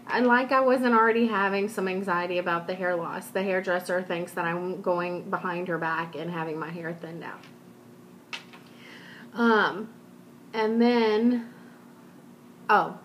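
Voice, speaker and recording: A woman talks straight to her vlog audience, rambling through a personal story with self-deprecating asides and many restarts. Her voice sits at an ordinary middle pitch, with a faint hiss in the background. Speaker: vlogger. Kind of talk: casual chat, personal storytelling.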